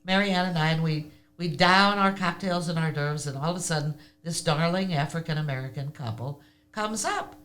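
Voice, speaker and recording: An older woman telling stories in a casual interview, animated and laughing often. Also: deep voice, moderate pace. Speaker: podcast guest.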